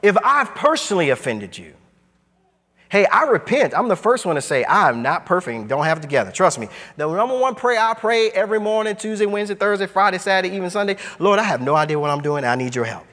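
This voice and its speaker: A man preaching a sermon as pastor, emphatic and driving, his voice swinging high and low. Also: big pitch swings, quick pace, sharp tone, long reverb tail. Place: church sanctuary.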